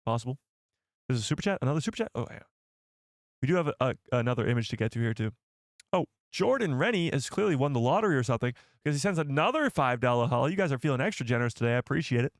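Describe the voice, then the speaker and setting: A man's voice: medium pitch, animated, very fast, no room sound, clean studio sound. A young man hosting a casual live stream, chatty and jokey, thinking aloud with fillers as he reads out viewer comments.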